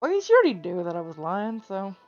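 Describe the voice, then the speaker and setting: A woman's voice: mid-range voice, very animated, a little fast, darkish tone, muffled recording. A woman playing a tabletop game, chatting in a playful way and laughing easily. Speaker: player. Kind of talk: casual chat around a tabletop game.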